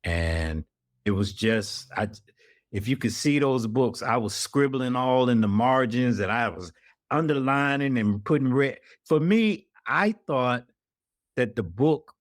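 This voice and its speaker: Animated storyteller man, dry sound. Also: medium pitch, a little slow, no room sound. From Atlanta, US South. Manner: animated storyteller acting out the people he quotes. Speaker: investigative reporter, guest. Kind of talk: storytelling in an interview.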